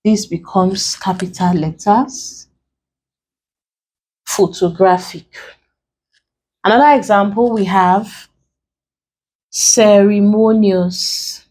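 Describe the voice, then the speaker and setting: Woman tutor, exam-prep lesson, unhurried, spells letters out one at a time, mid-pitched. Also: darkish tone, poor audio. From Nigeria. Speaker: English tutor.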